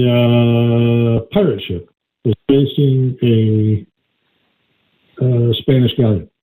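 A man co-hosting a call-in radio show, chatting casually and telling a rambling joke with many halting restarts. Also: mid-range voice, warm tone. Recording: tinny phone-like line.

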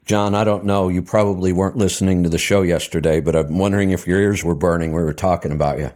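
A man's voice: low-pitched, steady tone, fast, a little mellow. A man hosting a call-in radio show, chatting casually and telling stories with mimicked voices.

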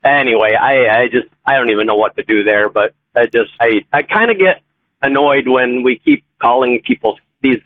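A man in his fifties talks haltingly on a call to a radio show, catching and correcting himself as he goes. His voice comes through a thin, tinny phone line. His pitch sits in the middle range. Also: no echo. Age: 50s. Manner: hesitant, halting, self-correcting. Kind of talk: casual talk radio chat.

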